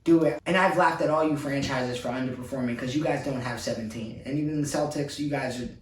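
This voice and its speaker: A man's voice: mid-range voice, fast, echoey room, distant mic, slight background noise. A man delivering an exasperated basketball fan rant, repeating his complaints as he vents. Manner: exasperated, repetitive ranting.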